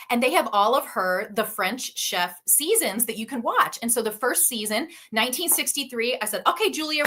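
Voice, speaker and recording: Bright, laughing woman author on a video call. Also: sits high. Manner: enthusiastic, laughs often. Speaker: guest author. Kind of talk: casual interview chat.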